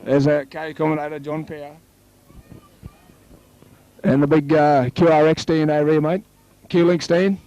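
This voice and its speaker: An Australian man calls a local rugby league match play by play, chatting with his co-commentator and breaking into excited shouts when tries are scored. His voice is a little high and unhurried, with frequent pauses, and the audio sounds dull.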